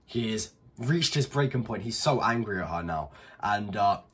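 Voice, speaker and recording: A man's voice: fairly low pitch, expressive, moderate pace, husky. A man hosting an unscripted reaction video, talking bluntly with disbelief and swearing freely.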